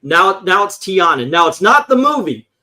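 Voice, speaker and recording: Animated ranting man, fairly high voice. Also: moderate pace. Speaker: livestream co-host. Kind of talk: casual chat.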